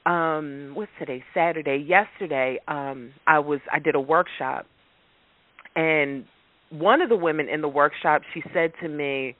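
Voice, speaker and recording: A man's voice: a little high, measured pace, no echo. A man working as a life coach, giving an emphatic motivational talk and repeating his key points. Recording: dry phone-like radio sound.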